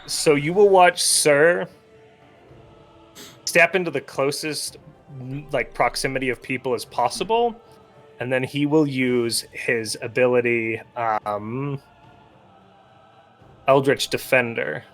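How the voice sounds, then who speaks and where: A man's voice: medium pitch, slow, pauses often, a bit bright, faint music behind. A man playing in a tabletop game over a video call, describing his character's actions in loose, conversational narration. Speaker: player voicing a paladin.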